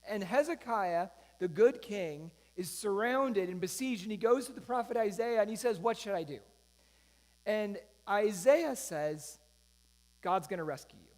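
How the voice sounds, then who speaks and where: A man's voice: sits high, animated, unhurried, a little mellow. A man preaching a sermon, retelling a scripture story in a loose, conversational way with frequent asides. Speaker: pastor. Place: church sanctuary. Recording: long reverb of a church hall.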